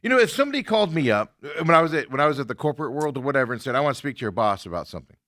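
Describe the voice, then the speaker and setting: A man hosts a talk show in casual chat, retelling a frustrating call. His bright, forceful voice rides a lively pitch as he quotes both sides. The sound is dry and close. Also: racing, no room sound. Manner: animated, indignant retelling with quoted exchanges. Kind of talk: casual chat, telling a story.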